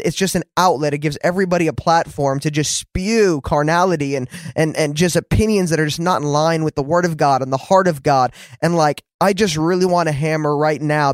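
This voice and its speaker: A man with a fairly high voice talks earnestly, hosting a relaxed faith conversation. He restarts sentences often, and the sound is close and dry. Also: dry recording. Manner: earnest, many restarts and fillers.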